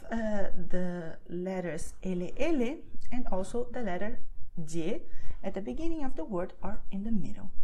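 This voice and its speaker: A woman's voice: mid-range voice, warm tone, slight background noise. Patient Spanish-accented woman teaching. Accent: Castilian Spanish. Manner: patient, checks in with "okay?" often. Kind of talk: explaining a beginner lesson.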